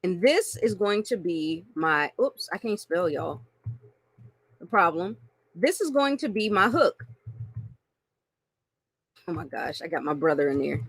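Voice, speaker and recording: A woman coaching on marketing in an animated, playful way, laughing often and addressing listeners as y'all. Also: on the low side, measured pace, long pauses, husky, dry recording. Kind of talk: teaching a marketing lesson with acted-out examples.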